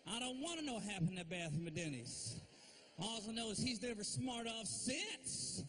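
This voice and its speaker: A male comedian doing stand-up from a live stage, talking about his family. His voice sits notably high for a man. His delivery is loose and conversational, and a faint hum lingers behind him. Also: big pitch swings, moderate pace, a bit bright. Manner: conversational, with frequent "you know?" and "man".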